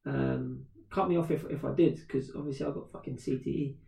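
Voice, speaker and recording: A man in his thirties, a podcast co-host, telling a story in casual chat, animated and swearing freely. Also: mid-range voice, a little fast, creaky. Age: 30s. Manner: animated, swears freely, acts out quoted voices. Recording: roomy echo, distant from mic.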